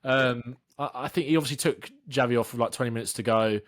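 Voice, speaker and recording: A man's voice: mid-range voice, fast talker, fairly bright tone, no room sound. Man, podcast co-host, casual football chat, dry close sound, jokey rambling. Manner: chatty, jokey, trails off into fillers.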